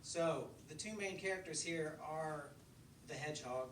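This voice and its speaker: A man's voice: on the high side, unhurried. Man reading aloud in an echoey bookstore. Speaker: author reading his fiction. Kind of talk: live reading at a book launch. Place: bookstore event room. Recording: echoey room, distant mic, crowd hum.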